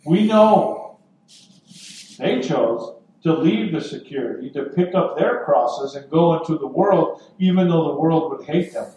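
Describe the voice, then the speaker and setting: A man preaching a sermon as pastor, earnest and deliberate, with dramatic pauses. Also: fairly high pitch, animated, mellow. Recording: echoey room from far off.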